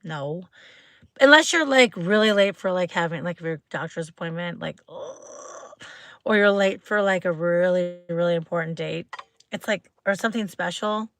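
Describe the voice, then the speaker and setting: Bubbly woman livestreaming, tons of "like", bright voice, dry close sound. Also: lowish voice, normal speed, no room sound. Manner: chatty, bubbly, full of "like" fillers, greets viewers. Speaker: livestream host. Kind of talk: casual live-stream chat.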